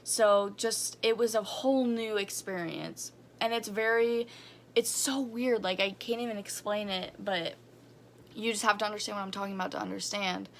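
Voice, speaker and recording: Young female vlogger, candid, rambling delivery, mid pitch, faint background noise. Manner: candid, rambling, talks fast with fillers. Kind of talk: personal story vlog.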